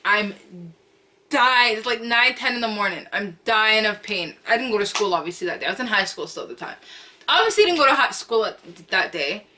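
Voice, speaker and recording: Young woman vlogger, bright voice, lively slangy storytime delivery, home camera setup. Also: medium pitch, brisk, a little hiss or hum. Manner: animated, chatty, slangy, repeats phrases for emphasis; acts out quotes with loud cries. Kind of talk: storytime vlog.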